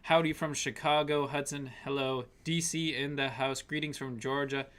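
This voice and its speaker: A man's voice: mid-range voice, fairly even intonation, normal speed, a bit bright. Chatty man hosting a live stream. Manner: chatty, reads out viewer names and greetings. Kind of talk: casual live-stream chat.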